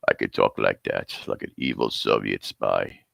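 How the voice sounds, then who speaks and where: A man voicing a sinister male Soviet spy with a put-on Russian accent, slow and menacing. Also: a bass voice, steady tone, gravelly, fairly bright tone, no echo, studio quality, voice pushed down, full character voice.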